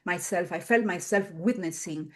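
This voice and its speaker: A woman in a group discussion over a video call, sharing a personal story in an animated way, laughing often and acting out the dialogue. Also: lowish voice, normal speed. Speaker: group member.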